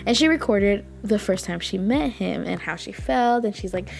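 A woman's voice: mid-range voice, lively intonation, normal speed, creaky. A woman hosting a podcast, chatting casually and gushing, with lots of fillers. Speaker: podcast host. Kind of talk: casual chat.

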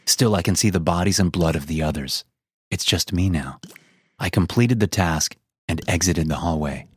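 A man with a very deep, low voice tells a first-person horror story. His delivery is tense and measured, with faint music playing softly behind him. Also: husky.

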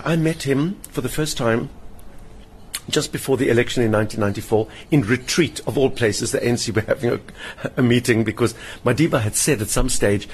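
An older man with a medium-pitched voice talks at a quick pace, a satirist and performer appearing as an interview guest. He tells theatrical anecdotes in a lively, animated way, mimicking the voices of the people in them. The conversation takes place in a hotel lounge, with faint room noise audible.

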